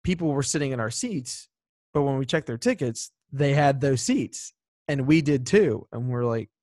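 A man's voice: medium pitch, moderate pace, no room sound, clean studio sound. A man co-hosting a podcast, telling stories in casual chat and acting out the people he quotes. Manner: animated storytelling, acts out quoted voices. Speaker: podcast co-host.

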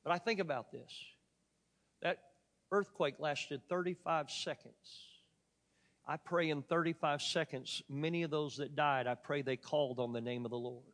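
A man preaching a sermon, telling a story dramatically and swinging from loud emphatic peaks to quiet asides. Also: a little high, a little slow, big-room sound.

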